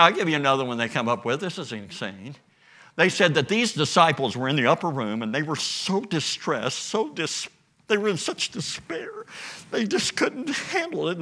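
A man preaching a sermon, telling the story with lively energy and bits of acted dialogue. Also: a little high. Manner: animated storytelling with acted voices. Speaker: pastor.

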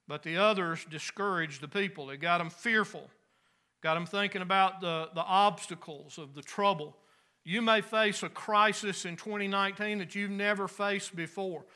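Man preaching, high voice, crisp and clear, folksy and conversational. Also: pushed and bright. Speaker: pastor. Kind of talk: sermon.

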